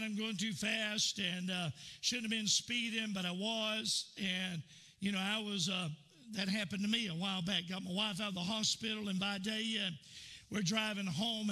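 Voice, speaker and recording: A man's voice: high-pitched, sharp tone. A man preaching a sermon in a church, telling folksy stories full of fillers and repeats. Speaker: pastor.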